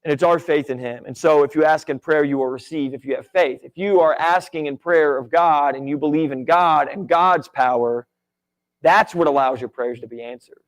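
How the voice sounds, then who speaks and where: Chatty male Bible teacher, fairly high voice. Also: normal speed. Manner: conversational, many "right?" and "like" asides. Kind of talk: casual Bible lesson. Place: church.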